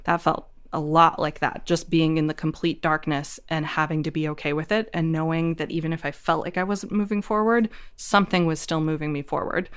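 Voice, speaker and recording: A woman's voice: sits low, steady tone, fairly quick, few pauses, smooth. A woman in her forties, a podcast guest, telling a personal story openly and reflectively, laughing often. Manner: reflective and open, with frequent laughter. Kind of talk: candid personal storytelling in a conversation.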